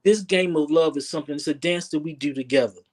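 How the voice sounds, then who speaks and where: A fast-talking man with a slightly high voice, he works as a relationship coach. He's an earnest interview guest in casual conversation, repeating words often while he thinks.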